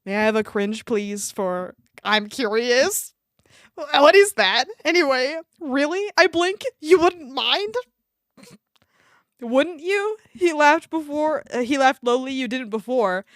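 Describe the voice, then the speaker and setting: Woman streamer reading fanfic out loud, higher voice, keeps cracking up and talking to chat, desk mic. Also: animated, slow pace, no echo, clean studio sound. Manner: giggly, breaks off reading to react to chat. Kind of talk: live-stream reading of fan fiction aloud. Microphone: desk microphone.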